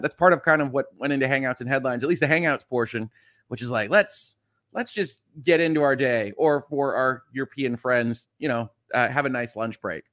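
A man's voice: mid-range voice, a bit bright. A man from Michigan hosting a casual morning livestream, chatty and reading viewer comments aloud with quips. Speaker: livestream host.

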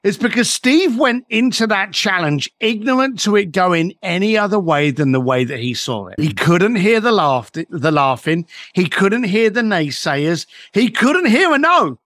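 A man's voice: sits high, big pitch swings, unhurried, hardly any pauses, fairly bright tone, dry recording, clean studio sound. A middle-aged man, a podcast guest telling motivational stories in an emphatic way and swearing freely. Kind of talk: motivational storytelling.

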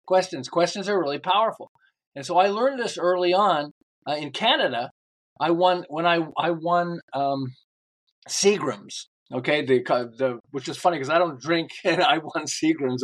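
Older male guest, lively storyteller, voices the people in his anecdotes, a bit higher than most men. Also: normal speed. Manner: animated storyteller acting out quoted lines. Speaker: guest, book author. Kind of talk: storytelling in a podcast interview.

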